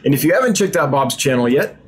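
A man's voice: mid-range voice, expressive, fast, slight background noise, poor audio. A man chatting casually on his own stream, ad-libbing with frequent ums and restarts, growing enthusiastic as he describes aquarium fish. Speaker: aquarium fish seller and channel host. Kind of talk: casual live-stream chat.

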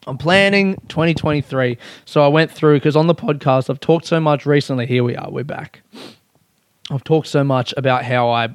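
A man's voice: mid-range voice, smooth, no room sound, clean studio sound. A man hosting a casual solo podcast, rambling and self-mocking, with frequent swearing. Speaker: podcast host.

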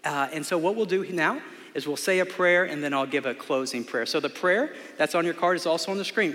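Male pastor, slightly high voice, earnest conversational sermon, long reverb of a church hall. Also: animated, fairly quick, a bit bright, faint music behind. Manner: conversational, earnest, with filler words. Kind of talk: sermon with storytelling and prayer. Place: church sanctuary.

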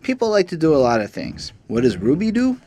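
A man's voice: fairly high pitch, huge pitch swings, fairly quick, dark tone, a little hiss or hum. A man in his thirties co-hosting a music review podcast, talking in a candid, profane and reflective way. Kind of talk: casual chat.

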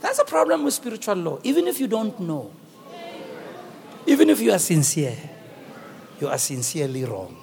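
A man with a South African accent preaching a sermon and telling the story dramatically, swinging from shouts to hushed tones. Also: sits high, huge pitch swings, normal speed, creaky, long pauses. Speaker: bishop preaching. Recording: long reverb of a church hall.

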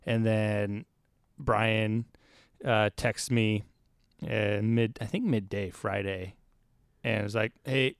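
A man's voice: lowish voice, steady tone, takes it slowly, long pauses, smooth, dry recording, clean studio sound. A man co-hosting a podcast, easygoing in casual chat. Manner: easygoing, short agreeing replies. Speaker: podcast co-host.

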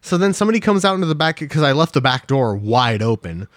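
A man's voice: mid-range voice, sing-song, quick pace, no room sound, clean studio sound. A young man co-hosting a podcast in casual chat, telling rambling stories with lots of swearing. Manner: rambling storyteller, swears a lot. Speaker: podcast co-host.

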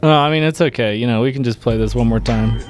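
A man's voice: mid-range voice, fast talker, over music. Male livestream host, emphatic and rallying, fired up, casual delivery. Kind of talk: casual political livestream talk.

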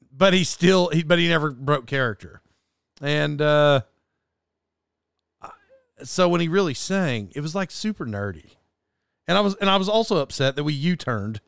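A man's voice: a little high, lively intonation, normal speed, fairly bright tone, smooth, no echo, studio quality. A man telling a rambling story in a casual monologue, doubting himself, restarting sentences and laughing often.

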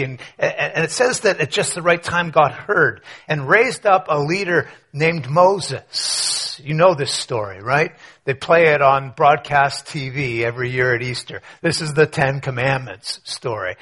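Man, pastor, sermon, husky, slightly high voice, conversational, rhetorical questions. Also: pushed and bright.

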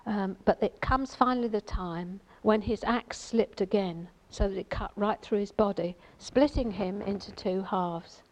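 A woman's voice: mid-range voice, unhurried, hardly any pauses, darkish tone, low-quality recording. A woman giving an informal Bible teaching, chatty and rambling, with many fillers and asides. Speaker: lay preacher.

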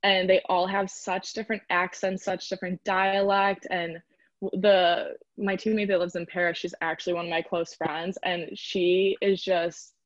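A young woman from the Chicago area talks casually as an interview guest, chatty and full of "like". Her voice sits a little low. The sound is dry and a bit dull. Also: little pitch movement, moderate pace, no room sound. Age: young adult. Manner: chatty, lots of "like" fillers. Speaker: interview guest, college rower.

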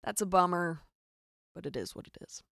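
Woman, Arkansas accent, lowish gravelly voice, dry close sound, comedic storytelling, animated and wry. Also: moderate pace, dry recording. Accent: Southern US, Arkansas. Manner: animated, exasperated, wry asides. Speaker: podcast host.

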